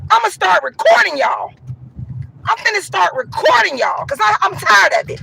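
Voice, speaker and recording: A woman venting loudly and emphatically to her viewers, repeating herself as she talks. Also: very high voice, big pitch swings, normal speed, vocal fry, slight background noise, low-quality recording. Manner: loud, emphatic and repetitive. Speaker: vlogger.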